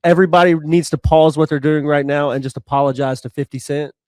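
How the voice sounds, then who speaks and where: Smooth-voiced man chatting on a podcast. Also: a little high, flat delivery, fast, a little mellow, no echo, studio quality. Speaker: podcast co-host. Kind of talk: casual chat.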